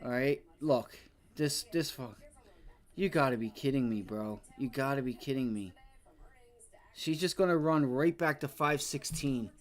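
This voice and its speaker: Brief: young male day trader streaming live, frustrated and foul-mouthed, average pitch. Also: a little slow. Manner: frustrated, swears, repeats exclamations. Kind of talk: live trading commentary.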